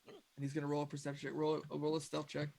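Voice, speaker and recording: A male game master narrates a tabletop game in a relaxed, descriptive way, with a slightly raised voice that turns gravelly. He pauses on fillers as he describes each scene. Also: a little high, a little hiss or hum.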